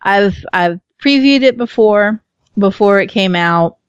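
A woman's voice: medium pitch, lively intonation, unhurried, clean tone, no echo, highs cut off. A woman co-hosting a casual game review stream, chatty, laughing often and swearing casually. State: hiccups. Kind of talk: casual chat.

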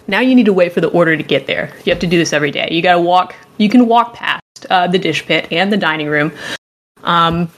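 A woman hosting a casual show, chatting animatedly and jokingly as she reviews a game. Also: on the low side. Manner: animated, joking, rambling and enthusiastic. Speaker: podcast host reviewing a game. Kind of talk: casual chat.

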